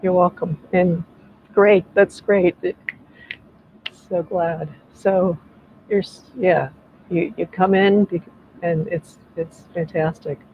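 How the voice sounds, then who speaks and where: A woman leading a group energy clearing over a video call, speaking softly and encouragingly, meandering with frequent restarts. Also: fairly low pitch, fairly even intonation, slow pace, highs cut off, a little hiss or hum.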